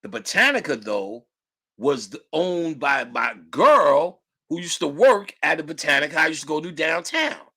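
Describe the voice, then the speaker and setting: Animated middle-aged man telling stories. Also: fairly high pitch, normal speed, breathy edge. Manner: animated, profane, slangy, laughs often. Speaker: guest storyteller. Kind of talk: casual storytelling.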